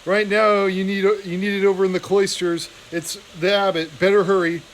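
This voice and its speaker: A man reading aloud, voicing a brisk, limping old male hare soldier. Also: high voice, little pitch movement, a little hiss or hum. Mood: urgent.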